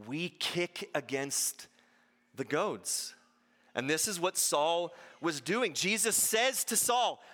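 High, bright-voiced male preacher. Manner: animated preaching, acting out quoted voices. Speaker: pastor. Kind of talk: sermon. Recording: hall reverb.

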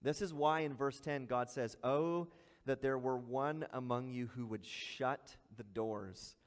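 A man's voice: mid-range voice, measured pace, in a large hall. A male pastor preaching a sermon in a conversational way, acting out short asides.

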